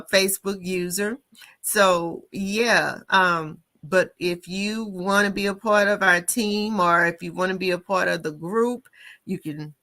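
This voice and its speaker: A woman's voice: mid-range voice, pushed and bright. A woman co-hosting a caregiving livestream from a call, chatty and friendly with many fillers. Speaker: co-host. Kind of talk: casual livestream wrap-up.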